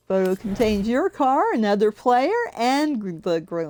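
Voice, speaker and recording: A woman's voice: medium pitch, animated, slow, pauses often, darkish tone. An older woman streaming a racing game, chatting casually and giggling often. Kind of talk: casual live-stream commentary.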